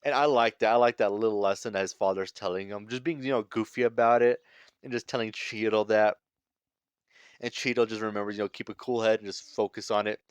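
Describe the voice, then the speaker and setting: A man's voice: lowish voice, steady tone, a little fast, clear, resonant tone, no room sound. A man giving a casual, rambling recap of a manga chapter as the channel's host, chuckling and trailing off into fillers. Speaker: manga reviewer.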